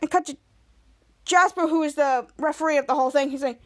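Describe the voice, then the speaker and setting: A woman's voice: high voice, fairly even intonation, fairly quick. A woman hosting a podcast, retelling a TV episode in a rambling way with many restarts and acted-out lines. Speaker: podcast host. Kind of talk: casual episode recap.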